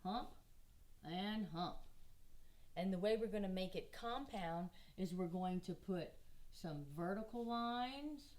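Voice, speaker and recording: A woman's voice: medium pitch, darkish tone. A woman with a Southern US accent, leading a kindergarten drawing lesson as an art teacher, patient and encouraging. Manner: patient, encouraging, speaks slowly to small children.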